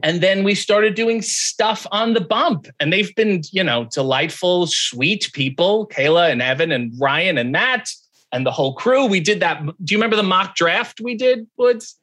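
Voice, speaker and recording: High-voiced bright man telling a story. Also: moderate pace. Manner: animated, acts out quoted voices. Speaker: podcast guest. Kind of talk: casual storytelling chat.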